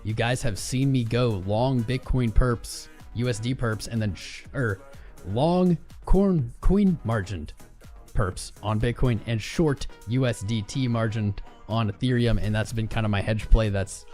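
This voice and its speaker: A man's voice: medium pitch, a little mellow. A man hosting a casual crypto trading livestream, laid-back and greeting viewers in chat by name.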